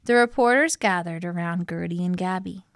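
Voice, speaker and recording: A woman reading a children's storybook aloud with lively, playful, expressive narration. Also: on the low side, moderate pace, no room sound. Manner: lively, playful pun-filled delivery. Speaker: storybook reader.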